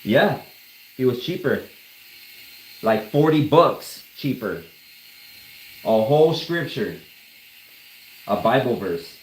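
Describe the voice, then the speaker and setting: A tattoo artist talking casually on a live stream, full of slang and swearing. His voice sits at an ordinary man's pitch and rings in a roomy space. A loud buzzing hum runs steadily under everything he says. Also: lively intonation, takes it slowly, pauses often. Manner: laid-back, slangy, swearing, laughing at his own story. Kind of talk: casual livestream storytelling. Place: tattoo studio during a live session.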